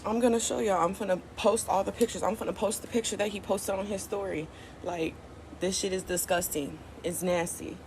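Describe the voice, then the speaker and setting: Young woman ranting into her phone at home, low raspy voice, teary and cussing, slight background hiss. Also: fairly even intonation, a little fast, darkish tone. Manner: blunt, profane, rambling. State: tearful. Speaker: social media vlogger. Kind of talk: emotional venting vlog. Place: at home early morning.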